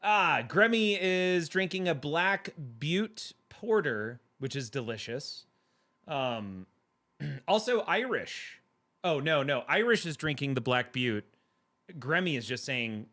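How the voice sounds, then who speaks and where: In a mid-range, slightly bright voice, a man hosts a livestream and reads the chat. The talk is casual, and he laughs a lot in a playful way.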